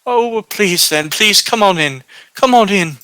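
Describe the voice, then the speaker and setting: A man voicing a kindly, frail old grandmother, speaking in a shaky, high, breathless voice. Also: lively intonation, a little slow, sharp tone, no room sound. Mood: warm pleading.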